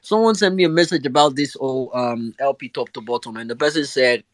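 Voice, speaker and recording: A man's voice: medium pitch, fast, no room sound. A Nigerian man hosting a live audio chat on politics, bantering in pidgin-tinged talk. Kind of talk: casual chat.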